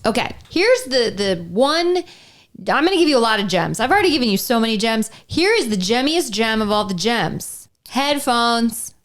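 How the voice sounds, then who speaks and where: A woman's voice: on the high side, big pitch swings, moderate pace, a bit bright. A woman co-hosting a casual podcast, talking animatedly, going into mock-indignant rants and laughing often. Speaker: podcast co-host. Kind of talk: casual chat.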